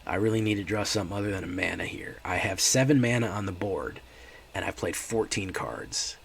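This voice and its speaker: A man's voice: sits low, expressive, brisk, vocal fry, slight background noise. A man streaming a card game, chatting in a laid-back, rambling way with his viewers. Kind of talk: casual gameplay chat.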